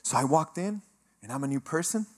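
A middle-aged man from Mexico giving a sermon testimony, telling his story with animated energy and acting out the voices he quotes. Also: fairly high pitch, fairly quick. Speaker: guest speaker sharing testimony.

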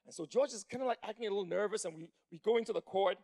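A man in his thirties works a live crowd with a stand-up story. His voice sits high and carries a gravelly rasp, and he gets louder and more animated as the story builds. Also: rapid-fire. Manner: animated, building to shouting in excitement. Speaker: stand-up comedian.

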